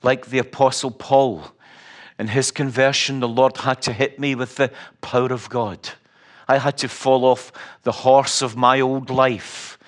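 Slow-spoken Scottish preacher. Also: male voice, mid-range voice, flat delivery. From Scotland. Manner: storytelling, wry humor, emphatic repetition. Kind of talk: sermon.

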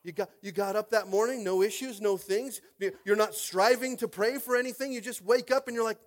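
Man preaching a lively sermon, fairly high voice, swings between loud calls and quiet asides. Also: brisk, hardly any pauses. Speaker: pastor.

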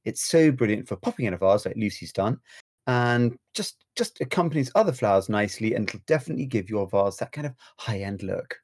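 A man's voice: fairly low pitch, animated, brisk. Playful man podcast co-host. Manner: playful, warm chatter with laughs. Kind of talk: casual podcast chat.

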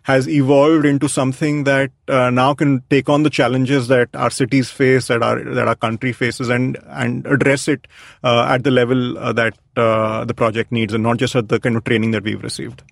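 A man's voice: mid-range voice, flat delivery, normal speed, vocal fry, no room sound, studio quality. A man, answering as an architect guest in a reflective interview, thoughtful and hesitant with many fillers.

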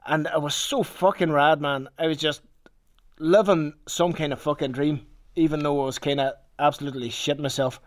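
A man's voice: a little high, fairly even intonation, moderate pace. A man with a Northern Irish accent telling a rambling personal story in casual talk, swearing freely. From Northern Ireland.

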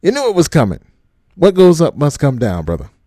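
A man's voice: fairly high pitch, wildly swooping pitch, fairly quick, mellow, breathy edge, no room sound, studio quality. A man ranting casually to his trucking audience, blunt and profane, mocking them and laughing often. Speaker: trucking vlogger. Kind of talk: casual rant to camera.

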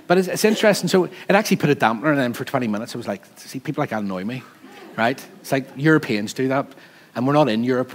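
A man with a Northern Irish accent, preaching a sermon in an animated, joking, conversational way, laughing often as he tells a story. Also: medium pitch. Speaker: pastor.

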